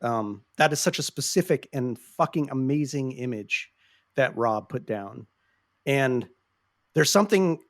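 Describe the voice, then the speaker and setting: Earnest, passionate podcast host. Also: male voice, medium pitch, dry recording, clean studio sound. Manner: earnest, passionate, frequent swearing; halting restarts when searching for words. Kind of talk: casual podcast discussion.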